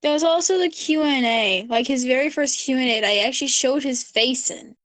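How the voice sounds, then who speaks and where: A woman co-hosting a casual chat, with a high voice recorded dry and close. She agrees readily, chimes in with her own picks and laughs along with her partner. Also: fairly quick, fairly bright tone, dry recording. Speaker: co-host.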